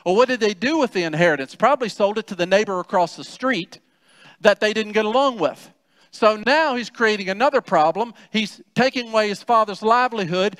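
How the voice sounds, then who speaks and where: A man's voice: sits high, fairly bright tone, no room sound, big-room sound. A man preaching a sermon as pastor, talking conversationally with rhetorical questions and acted-out quotes. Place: church sanctuary.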